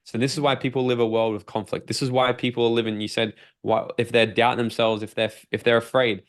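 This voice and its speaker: A man with an Australian accent speaks as a podcast guest at a mid-range pitch. He is a personal development coach who talks with lively energy and swears freely. He often slips into the voice of his own inner doubts. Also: quick pace.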